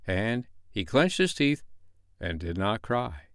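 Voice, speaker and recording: Expressive male storyteller, lively reading. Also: lowish voice, takes it slowly, no room sound, clean studio sound. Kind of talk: audiobook narration of a classic novel.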